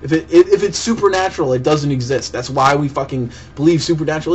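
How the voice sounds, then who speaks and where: A young man with a fairly high voice delivers a profane, heated, sarcastic rant in reply to a commenter, with faint hiss behind him. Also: fast, few pauses, husky. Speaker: vlogger answering a commenter. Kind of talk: angry video rant.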